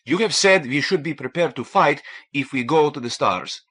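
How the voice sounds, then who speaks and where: A man's voice: a little high, expressive, normal speed, fairly bright tone, husky, pitched above the performer's own voice. A man voicing a big, bearded male gunner who speaks bluntly and insistently.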